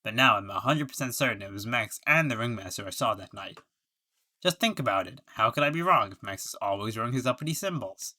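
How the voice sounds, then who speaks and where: Brief: gloomy game clown, self-pitying, bright forceful tone, read by a man. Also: mid-range voice, animated, fairly quick, pitched below the performer's own voice. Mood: indignant. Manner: self-pitying, laughs at own jokes. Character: washed-up sad male clown witness.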